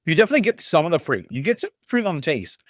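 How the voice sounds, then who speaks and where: A man's voice: on the high side, sing-song, racing, dry recording, studio quality. A man hosting a podcast, talking casually and rambling with chuckles and fillers while tasting whiskey. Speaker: podcast host.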